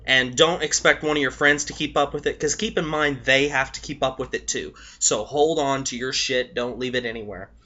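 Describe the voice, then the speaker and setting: A hoarse young man giving blunt, profane tips to his viewers in a casual vlog, coughing between points. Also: mid-range voice, normal speed, few pauses, pushed and bright. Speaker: vlogger. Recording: dull lo-fi recording.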